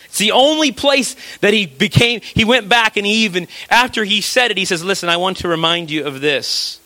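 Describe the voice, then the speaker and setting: A pastor delivers a sermon in a conversational style, posing rhetorical questions and dropping his voice low and quiet for emphasis. He sounds animated and keeps a moderate pace, and the recording is dry.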